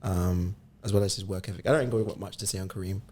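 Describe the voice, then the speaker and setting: A man co-hosting a casual sports podcast, his voice sitting fairly low. He talks in an easygoing way and thinks aloud, pausing often as he builds his point. He sounds relaxed rather than rushed. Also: husky. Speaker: podcast co-host.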